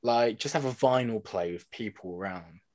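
A man's voice: fairly low pitch, normal speed, darkish tone, no room sound. A young man, chatting casually as a podcast co-host, full of "like" fillers and laughing often. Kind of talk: casual chat.

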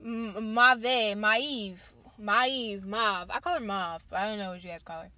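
This book reviewer's mid-range voice is a little slow and sharp, recorded with no echo. Talking casually to her vlog viewers, she gushes, leans heavily on "like," and addresses them as "you guys" and "y'all."

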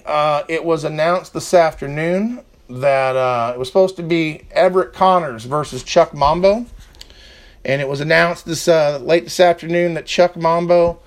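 A man hosting a casual wrestling preview podcast, rambling with fillers and turning to a heated rant. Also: fairly high pitch. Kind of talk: casual chat.

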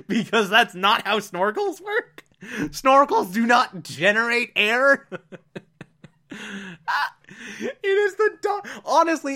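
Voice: medium pitch, sharp tone. A person casually recapping a show, gushing and breaking into laughter between sentences. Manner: amused, gushing.

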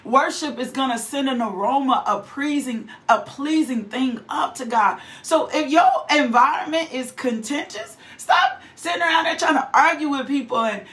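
Fervent high-voiced woman preacher. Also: moderate pace, few pauses, a bit bright. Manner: fervent, rhythmic repetition, exhortations. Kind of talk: sermon.

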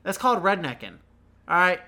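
A man with a Southern US accent chats loosely on a podcast. His voice is bright and forceful, and he rambles, often repeating a word or two before his thought gets going. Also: high voice, sing-song, fairly quick. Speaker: podcast co-host. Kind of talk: casual chat.

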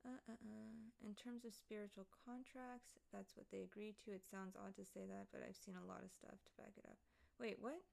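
A woman's voice: mid-range voice, level tone, a little fast, gravelly, hardly any pauses, a little mellow. A woman streamer chatting casually, rambling and sidetracked, swearing freely as she talks. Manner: rambling, profane, easily sidetracked.

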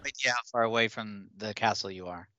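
A man's voice: on the low side, a little fast, sharp tone, no echo, dull audio. A man narrating as game master of a tabletop game, describing the scene and answering players.

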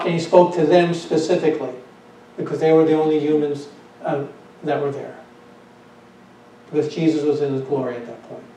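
A man preaching a sermon as pastor, asking rhetorical questions, repeating his phrases and letting lines trail off softly. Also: fairly high pitch, steady tone, normal speed, pauses often, very echoey, far from the mic, slight background noise, rough recording.

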